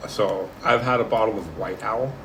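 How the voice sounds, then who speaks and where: A man's voice: fairly low pitch, moderate pace, fairly bright tone, soft background music. Crude, teasing man talking whiskey. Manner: crude, swearing, teasing jokes. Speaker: whiskey tasting co-host. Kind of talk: casual tasting chat.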